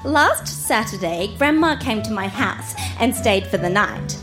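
Lady reading her kid diary, slow and lively, music behind. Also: medium pitch. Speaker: reader on a storytelling show. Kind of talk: reading her childhood journal aloud.

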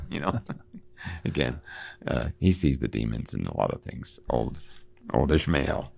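A man with a very low, gravelly voice talks casually about a novel. He slips into quoted passages with extra lift and emphasis, and chuckles between points. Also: big pitch swings, measured pace, long pauses, darkish tone. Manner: reads quoted passages with lifted pitch and emphasis, laughs often. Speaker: book discussion co-host. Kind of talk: casual book discussion, reading passages aloud.

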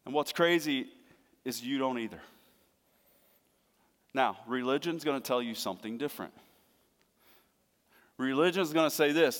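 A middle-aged man preaching a sermon as pastor, earnest, moving between hushed tender lines and emphatic raised passages. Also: mid-range voice, moderate pace, pauses often. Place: church sanctuary. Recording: long hall reverb.

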